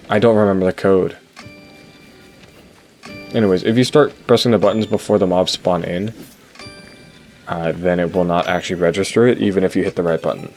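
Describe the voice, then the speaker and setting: A man's voice: deep voice, darkish tone. A young man giving casual, rambling commentary over his own gameplay, stuttering and restarting often, his voice cracking and breaking with hiccups. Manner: rambling, self-interrupting, frequent stutters and fillers. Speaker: gaming channel host. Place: home, late at night.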